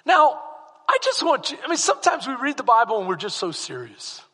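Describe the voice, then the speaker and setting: A male pastor preaching a sermon, animated and full of rhetorical questions to the congregation. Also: very high voice, fairly quick, breathy edge, big-room sound.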